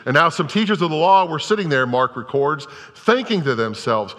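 A man's voice: on the high side, animated, normal speed, a bit bright. A male pastor preaching a sermon to a congregation, telling scripture stories in a conversational, storytelling way. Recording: long reverb of a large hall.

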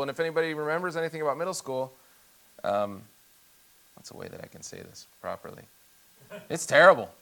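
A man in his forties, a pastor, sharing family prayer requests in an earnest, halting way. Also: lowish voice, fairly bright tone, clean tone. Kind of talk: personal testimony and prayer requests.

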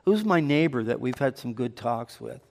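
A man's voice: medium pitch, expressive, moderate pace, gravelly, darkish tone. A man preaching a sermon as pastor, switching between earnest teaching and light banter with the congregation. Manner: conversational preaching with audience banter. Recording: long hall reverb.

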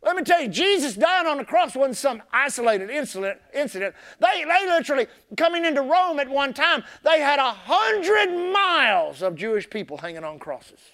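A male pastor delivers an impassioned sermon, repeating his key phrases and swinging between shouted emphasis and soft, low asides. He is very animated, keeps a moderate pace, and hardly pauses at all.

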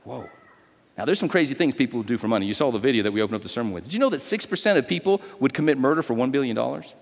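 A man preaching a sermon as pastor, lively and conversational, with call-and-response and sudden loud, drawn-out swells. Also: medium pitch, big-room sound. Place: church sanctuary.

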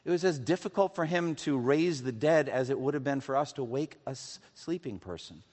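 A man's voice: medium pitch, lively intonation, a little fast. Preaching man in a reverberant hall. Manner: earnest preaching, rising for emphasis, dropping to hushed tones. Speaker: pastor. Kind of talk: sermon.

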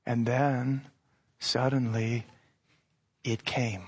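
A man giving a sermon as pastor, preaching in a conversational way, asking rhetorical questions and moving between quiet and loud passages. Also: medium pitch, level tone, extremely slow, slightly rough.

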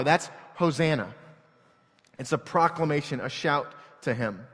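A pastor preaching an earnest, emotional sermon that moves between hushed and loud passages. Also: male voice, fairly high pitch, animated, measured pace. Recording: long reverb from a large hall.

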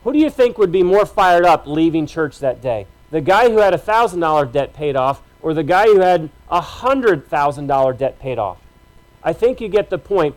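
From the pulpit, a pastor whose voice is notably high for a man preaches to the congregation. He's conversational and emphatic, stacking up short repeated phrases, and the audio is poor.

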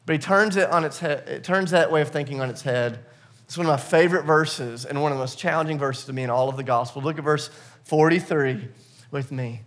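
A man preaching a sermon to his church with a high, light voice. He talks in an animated, loose way, chuckling often, stacking fillers and repeating words as he builds each point. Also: brisk. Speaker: pastor. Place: church service.

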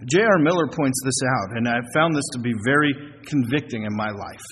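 Preaching man in an echoing hall. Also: mid-range voice. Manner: earnest, preaching with rhetorical questions and slow emphasis. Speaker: pastor. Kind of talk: sermon. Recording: long hall reverb, faint noise.

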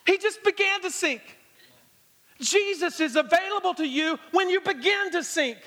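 A man's voice: extremely high pitch, lively intonation, moderate pace, sharp tone, big-room sound. A man preaching a sermon as guest pastor, telling the story with humor and acting out the scenes. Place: church sanctuary. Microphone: handheld or stage microphone.

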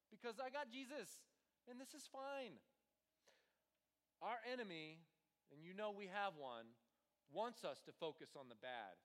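Male preacher, high voice, very lively pitch, animated sermon. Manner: animated, jumps between voices for quotes. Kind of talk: energetic sermon to a live audience.

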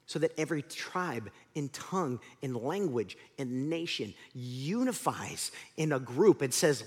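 A male pastor preaching a sermon, telling the story with lively acted-out voices. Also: mid-range voice, measured pace, few pauses, breathy edge. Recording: long hall reverb.

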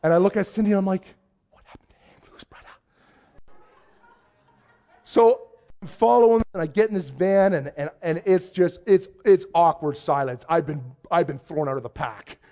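A Canadian youth pastor telling a story in a sermon, acting out the voices of the people in it. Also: male voice, high voice, brisk. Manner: animated storyteller, acts out quoted voices.

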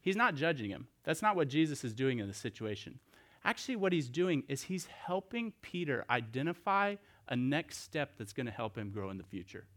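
A male pastor delivering a sermon in an easy, conversational manner. He retells a scripture story, asks his listeners rhetorical questions and often restarts his sentences. His voice sits at an average pitch for a man. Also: big pitch swings, normal speed, a bit bright.

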